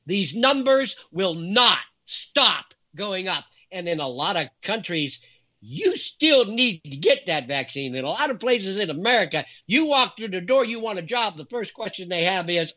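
A man's voice: fairly high pitch, expressive, normal speed, a bit bright. A man hosting a talk show, delivering an emphatic, dramatic monologue. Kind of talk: impassioned monologue. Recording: dull lo-fi recording.

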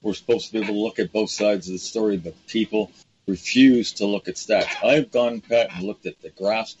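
A man's voice: on the low side, steady tone, a little fast, a little mellow, slight background noise. A man hosting a talk show, indignant, addressing his guest by name. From Canada. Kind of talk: opinionated talk show chat. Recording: dull lo-fi sound.

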